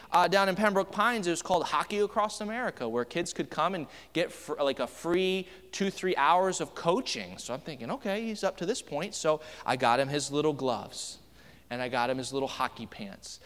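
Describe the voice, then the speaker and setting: A man's voice: a little high, moderate pace, fairly bright tone, in a large hall. A man in his thirties, a pastor giving a conversational sermon full of family stories, with frequent restarts. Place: church sanctuary.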